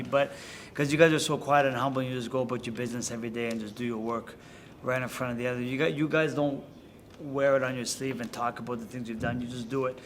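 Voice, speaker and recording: A middle-aged male podcast host who interviews a guest on site, steering the talk with leading questions and frequent small affirmations. His pitch sits in a typical range. Faint background noise runs under his voice. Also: fairly bright tone. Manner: admiring, leading questions, backchannels often.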